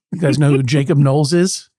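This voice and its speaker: Male podcast judge, slightly high voice, dry studio sound, wry rambling banter. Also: normal speed, dark tone, no room sound. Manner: wry, playful, rambling asides. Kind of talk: comic courtroom banter.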